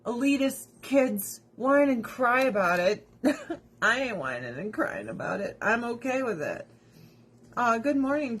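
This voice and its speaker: A woman's voice: on the high side, a little hiss or hum. A woman hosting a casual livestream from home, ranting bluntly with plenty of profanity. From United States. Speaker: livestream host. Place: at home with pets.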